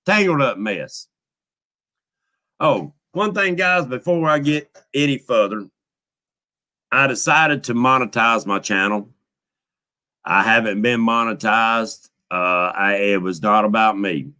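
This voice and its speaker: On a casual live stream, a middle-aged American fishing channel host chats in a folksy, heartfelt manner and thanks viewers by name. His lowish voice comes out pushed and bright, slow-paced with frequent pauses.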